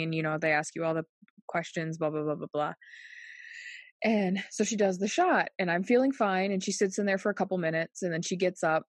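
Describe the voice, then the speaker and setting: Animated, laughing woman telling a story. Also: no room sound. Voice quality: frequent fillers like "like" and "um". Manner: animated, laughs often, acts out quotes in a higher voice. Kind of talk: casual storytelling chat.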